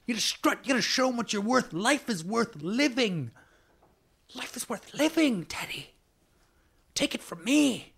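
A man in an improv comedy scene, frantic and pleading as he gives a pep talk. His voice is high, bright and lively, with a gravelly edge at the bottom. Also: moderate pace. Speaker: improv performer.

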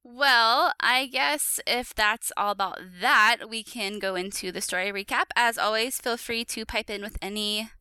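A woman hosting a podcast, chatting casually and recapping an episode, upbeat and quick to laugh. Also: a little high, sharp tone, clean tone, no room sound. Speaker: podcast host. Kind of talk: casual chat and story recap.

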